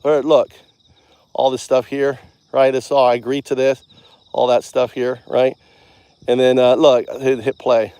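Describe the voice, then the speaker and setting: A man's voice: medium pitch, little pitch movement, measured pace, long pauses, mellow, smooth, no room sound. A man in a casual, rambling monologue. He jokes mockingly, keeps tagging his sentences with "right?" and often restarts mid-sentence. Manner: mocking, jokey, chuckles while talking.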